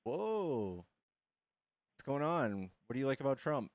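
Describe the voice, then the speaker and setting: A man's voice: medium pitch, animated, fast talker, clear, resonant tone, no room sound. Casual male streamer, crude banter, dry studio sound. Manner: crude, joking, addresses chat. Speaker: streamer host. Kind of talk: live-stream chat.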